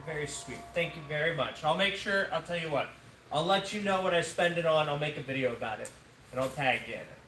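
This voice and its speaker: A man's voice: on the high side, brisk, a bit bright, recorded from a distance, slight background noise. Chatty man streaming in an echoey room. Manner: chatty, thanks viewers between practice throws. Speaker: livestream host. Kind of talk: casual live-stream chat.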